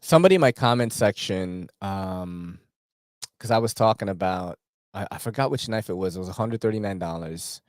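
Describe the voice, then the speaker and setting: A man hosts a loose, casual chat, his voice sitting a little low. He talks in slang, swears freely and leans on fillers. The sound is dry and close to the mic. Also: animated, moderate pace, dry recording. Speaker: host.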